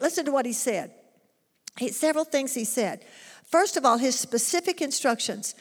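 A woman's voice: high voice, lively intonation, normal speed. A woman preaching an earnest sermon, emphatic and fond of rhetorical questions. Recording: long hall reverb.

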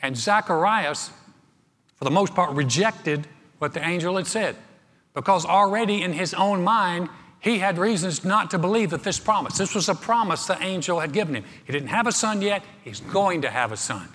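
Preacher guy telling a story, kinda high voice, joking, big echoey church sound. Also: expressive, moderate pace, a bit bright. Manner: storytelling, humorous, repeats words. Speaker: pastor. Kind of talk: sermon. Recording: long reverb of a large room.

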